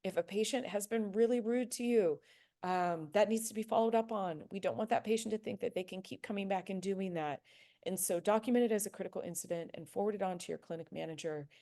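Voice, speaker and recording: A woman presents a recorded workplace training in a relaxed, conversational manner. Her voice is warm and mellow, and her delivery is earnest and full of casual fillers. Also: mid-range voice, quick pace. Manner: acts out soft apologetic example phrases. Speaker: de-escalation trainer.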